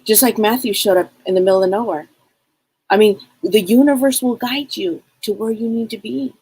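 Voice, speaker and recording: A woman's voice: mid-range voice, normal speed, a little mellow, breathy edge, poor audio. A woman hosting a live psychic stream, chatting casually and rambling, greeting viewers by name.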